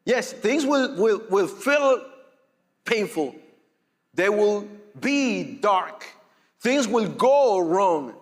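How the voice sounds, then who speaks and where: A man preaching a sermon as pastor, emphatic and deliberate, repeating his key phrases. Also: high-pitched, sing-song, long reverb tail.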